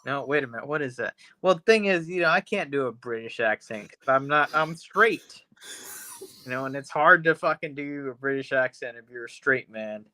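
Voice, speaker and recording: A man's voice: medium pitch, moderate pace, sharp tone, no echo. A man co-hosting a podcast, retelling a story in a rambling, profane way and acting out the characters' lines. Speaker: podcast co-host. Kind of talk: casual chat, retelling a film episode.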